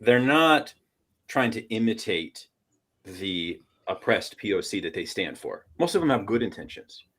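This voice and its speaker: A man from Portland, Oregon, talking through ideas in a halting, academic way on a podcast, restarting his phrases. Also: fairly low pitch, sing-song, a bit bright. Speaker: podcast panelist. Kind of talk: casual academic discussion.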